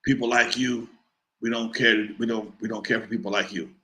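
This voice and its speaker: A man voicing a threatening mob enforcer who speaks low and slow, in a story told on a live show. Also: fairly even intonation, bright, forceful tone. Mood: menacing. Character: menacing middle-aged male mob enforcer on phone.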